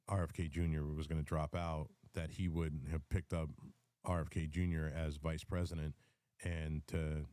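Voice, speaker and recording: Male host, low and mellow voice, rambling political rant with ums and restarts, hiccups, dry close sound. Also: no room sound. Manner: rambling, repeats words, frequent ums and restarts. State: has the hiccups. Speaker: host of a live audio space.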